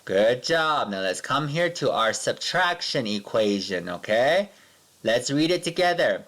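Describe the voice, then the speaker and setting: A man teaching a math lesson to young children, patient and sing-song, counting along slowly with his pupils. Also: mid-range voice, sing-song, fairly bright tone.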